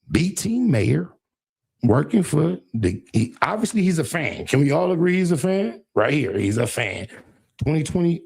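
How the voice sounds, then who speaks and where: Los man, livestream ranter, gravelly and husky, lively swooping delivery, mocking tone. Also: medium pitch, no echo. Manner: taunting, mocking, with sing-song rhyming jabs; streetwise slang, addresses viewers as y'all. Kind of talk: heated livestream rant.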